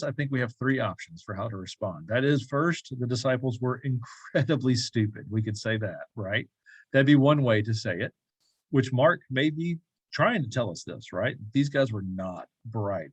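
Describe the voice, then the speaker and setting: In a church classroom, a man leads a bible study group with casual teaching talk, asking the group questions and tossing in joking asides. His voice is medium-pitched and there is no echo.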